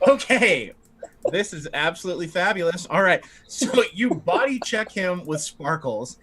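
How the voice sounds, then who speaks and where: Lively, laughing male game master. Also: high voice, moderate pace, a little hiss or hum. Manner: animated, laughs often while narrating. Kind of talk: narrating a tabletop game livestream.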